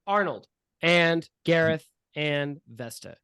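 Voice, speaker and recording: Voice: mid-range voice, lively intonation, slow, a bit bright, smooth, no room sound. The game master narrates a tabletop game in a loose, laughing way with lots of fillers.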